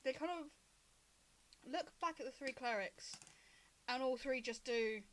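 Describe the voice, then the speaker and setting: A woman narrating as game master of a tabletop game, lively and laughing, with frequent ums. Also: high-pitched, measured pace, slight background noise.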